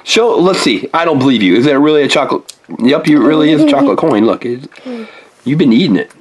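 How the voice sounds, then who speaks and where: A woman's voice: low-pitched, fast, crowd noise. A woman hosting a playful toy unboxing, exclaiming over each find and coaxing a young helper along. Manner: animated, exclaiming over toys, coaxing a child.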